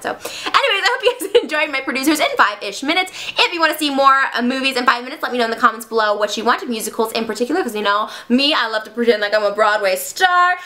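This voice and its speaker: Brief: twenties female vlogger, high bright voice, animated recap with impressions. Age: 20s. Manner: animated, slips into character voices and sung bits. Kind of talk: casual movie recap.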